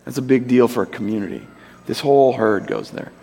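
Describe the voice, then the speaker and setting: Man, 30s, pastor, chatty sermon style, acts out voices, mid pitch, long reverb in a hall. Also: a little fast, creaky, breathy edge. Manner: conversational, animated storytelling, acts out voices. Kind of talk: sermon with storytelling.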